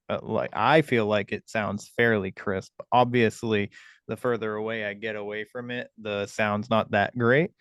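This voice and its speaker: Rambling male podcast host, smooth voice. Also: lowish voice, a bit bright, no room sound, studio quality. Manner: rambling, with many ums and uhs. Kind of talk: casual chat.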